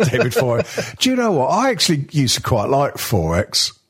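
A man's voice: medium pitch, huge pitch swings, moderate pace, slightly rough. A man chatting casually on a podcast, jokey and full of banter, often swearing. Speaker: podcast co-host. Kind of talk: casual chat.

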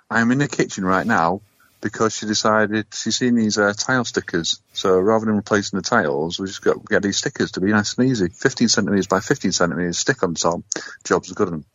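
A man co-hosting a podcast from his kitchen, telling rambling sweary stories in a deadpan way. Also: lowish voice, brisk, dry recording, lo-fi sound. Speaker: podcast co-host. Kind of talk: casual chat.

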